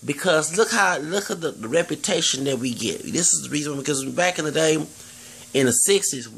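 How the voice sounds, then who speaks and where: Gravelly man, rambling vlog monologue, earnest, restarts a lot. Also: on the high side, expressive, brisk, fairly bright tone. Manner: earnest, digressive, many restarts and fillers. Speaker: vlogger.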